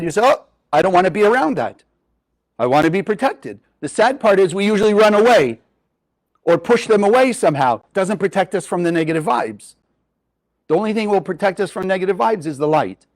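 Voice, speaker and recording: A man giving a spiritual Kabbalah teaching to a live group, lively and often asking his listeners questions. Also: fairly high pitch. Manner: animated, asks the audience questions.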